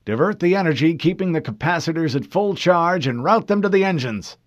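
A man voicing a stern male starship commander who gives clipped, loud orders in a raised voice. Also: on the high side, expressive, brisk, no room sound, highs cut off, voice pushed up, natural voice. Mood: commanding.

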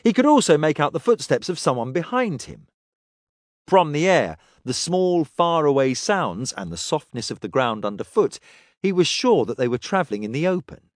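A male audiobook narrator reading fantasy fiction with lively, expressive pitch and dramatic pacing. The recording is dry and close, with no room sound. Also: dry recording.

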